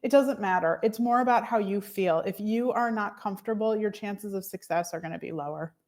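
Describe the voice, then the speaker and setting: A woman working as a fertility coach, chatting as a podcast guest and telling her own story with lively quoted asides. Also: mid-range voice, fairly quick. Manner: chatty storyteller, animated quoting of others. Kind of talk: casual interview conversation.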